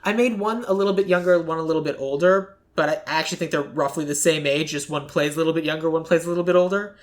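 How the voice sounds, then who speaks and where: A podcast host in casual chat, talking loosely with lots of "like" and quick acted-out quotes. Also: medium pitch. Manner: chatty, fills speech with "like", acts out quick quotes.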